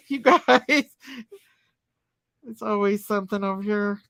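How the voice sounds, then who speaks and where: A woman's voice: medium pitch, slow pace, gravelly, fairly bright tone, dry recording, clean studio sound. A woman hosting a casual livestream, chatting folksy with viewers and singing to them. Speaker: livestream host reading chat. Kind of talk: casual live chat.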